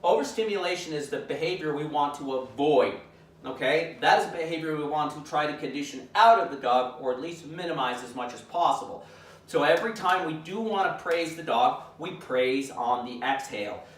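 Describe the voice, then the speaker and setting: Man, dog trainer, fairly high voice, calm instructive delivery, echoey room, a bit off-mic. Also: normal speed, far from the mic. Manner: calm, demonstrates commands aloud. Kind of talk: instructional demonstration.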